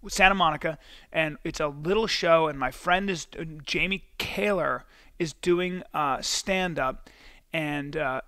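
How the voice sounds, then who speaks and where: A middle-aged man telling stories as a comedian guest in casual chat, animated, with stammering restarts. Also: fairly high pitch, unhurried, clean tone, dry recording, studio quality. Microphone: close podcast mic.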